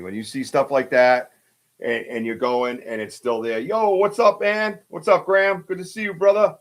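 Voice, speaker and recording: A man's voice: a little high, little pitch movement, moderate pace. A man hosting a podcast, telling a story in a casual, rambling way with lots of fillers and restarts. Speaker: podcast host. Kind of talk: casual storytelling on a live stream.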